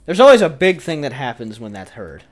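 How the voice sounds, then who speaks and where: A man's voice: fairly high pitch, sing-song, brisk. A young man in casual chat, telling stories in a wry, joking way with crude humor. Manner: wry, storytelling, crude jokes.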